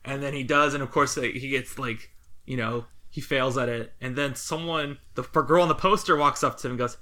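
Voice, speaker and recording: A man's voice: mid-range voice, brisk, bright, forceful tone. A man co-hosting a casual podcast, rambling through opinions and laughing often. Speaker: podcast co-host.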